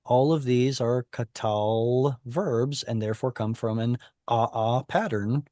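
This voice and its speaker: A man's voice: medium pitch, slow, warm tone, no echo, studio quality. A man teaching an online Hebrew class, explaining informally with many fillers and restarts over a video call.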